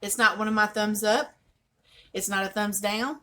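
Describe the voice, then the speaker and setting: A woman's voice: mid-range voice, fairly even intonation, moderate pace, fairly bright tone. A woman in her fifties with a Southern accent, hosting a casual vlog and telling folksy, digressive stories. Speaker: host.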